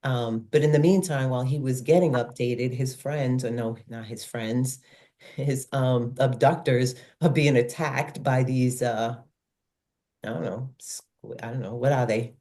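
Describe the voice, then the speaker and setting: A woman's voice: rumbling low, measured pace, warm tone. A woman co-hosting a casual film discussion, enthusiastically retelling scenes. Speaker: podcast co-host.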